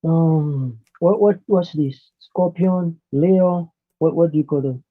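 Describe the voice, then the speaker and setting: A man from Tanzania, a debate guest on a call, halting and searching for words, teasing at times. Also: a little high. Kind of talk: casual live debate over a call. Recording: tinny phone-like call line.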